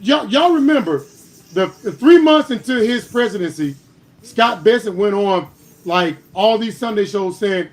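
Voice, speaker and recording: Hosting a political livestream, this man speaks in a high voice with lively intonation and a slightly slow pace. He argues forcefully, growing heated and louder in bursts, and keeps driving points home with "All right?"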